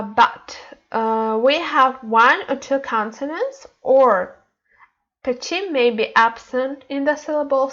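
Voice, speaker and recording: A woman's voice: a little high, highs cut off. A woman teaching a beginner lesson, explaining step by step with many fillers and restarts. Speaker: language teacher.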